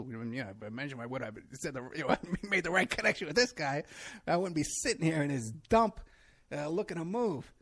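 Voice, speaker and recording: Middle-aged male host, gravelly voice, rambling sarcastic monologue, lively pitch. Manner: rambling, sarcastic, laughs at his own points. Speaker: show host. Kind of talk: solo monologue commentary.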